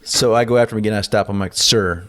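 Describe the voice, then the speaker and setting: A man being interviewed, telling a story in an animated, blunt way and acting out the people in it. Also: on the low side, racing, clear, resonant tone. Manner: animated, acts out quoted dialogue; blunt, salty language. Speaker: podcast guest. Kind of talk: conversational storytelling.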